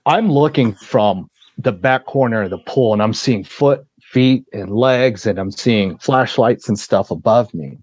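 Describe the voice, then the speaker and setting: Male podcast guest, husky and on the low side, telling a casual story with a dry close sound. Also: measured pace, darkish tone, no echo, highs cut off. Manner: vivid retelling, swears freely, acts out the voices of others.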